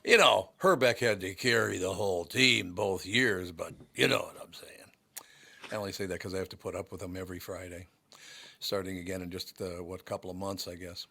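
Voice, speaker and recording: A man with a somewhat low voice chats casually about sports. He reminisces and tells anecdotes from his broadcasting days in an easy conversational way. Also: brisk, vocal fry, bright, forceful tone.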